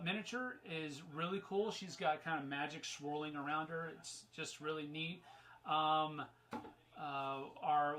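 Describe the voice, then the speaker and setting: A man's voice: fairly high pitch, bright, forceful tone, low-quality recording. A man hosting a casual live Q&A, rambling through viewer questions with lots of fillers and restarts, and getting emphatic on fun topics. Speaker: host answering viewer questions.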